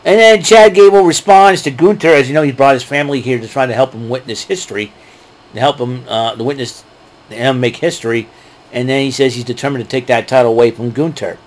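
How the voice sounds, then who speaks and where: A man's voice: mid-range voice, a little fast. A man casually recapping wrestling events, rambling with fillers and chuckling at his own jokes. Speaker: wrestling show recap host. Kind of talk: casual solo recap talk.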